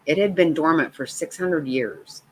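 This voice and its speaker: A woman's voice: low voice, a little slow, slight background noise, rough recording. A woman in her fifties telling a personal story in a rambling, casual way, swearing freely. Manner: rambling, swears freely, laughs between lines.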